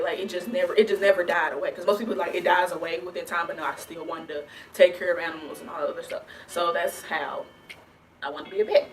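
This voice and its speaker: A woman's voice: fairly low pitch, fairly even intonation, a little fast, a bit bright, soft background music. A young woman from the American South answering viewer questions in a chatty, rambling vlog, full of restarts and "like". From Southern United States. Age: young adult. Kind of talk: casual Q&A vlog.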